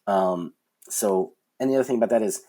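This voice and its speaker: A man's voice: lowish voice, brisk, warm tone. A man in his forties, a guest on a podcast, telling stories in a frank, rambling way with lots of fillers and restarts. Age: 40s. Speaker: guest, concert production manager. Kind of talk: casual storytelling in a podcast interview.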